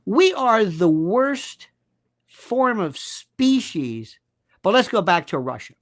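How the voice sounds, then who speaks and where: Taking his time, a high-pitched American man lets his pitch swing widely as a guest commentator. His animated political rant is emphatic and sarcastic, leaping across topics.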